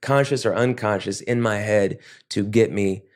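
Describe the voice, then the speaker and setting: Low-voiced man talking reflectively. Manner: reflective, halting with restarts. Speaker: guest. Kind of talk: podcast interview.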